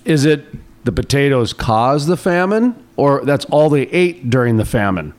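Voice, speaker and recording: A man's voice: medium pitch, lively intonation, normal speed. A man hosting a talk radio show, chatting casually, cracking puns and rambling with fillers. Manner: joking, punning, rambling with fillers.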